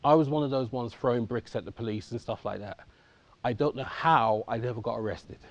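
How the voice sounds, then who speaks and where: A man's voice: mid-range voice, brisk, muffled recording. Candid English man telling his life story. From England. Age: 50s. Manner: candid, conversational, checks in with the audience. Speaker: conference speaker. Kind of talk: personal storytelling talk.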